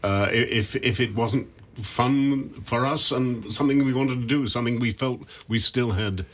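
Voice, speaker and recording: Hesitant older actor, slightly husky. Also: male voice, mid-range voice, normal speed, fairly bright tone. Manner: hesitant, stammering restarts. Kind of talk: interview conversation.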